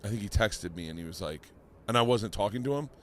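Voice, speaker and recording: A middle-aged man, a comedian, telling a story on a podcast in a casual, animated way, swearing freely and acting out what others said. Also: fairly low pitch, fast talker, crowd noise. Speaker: comedian guest.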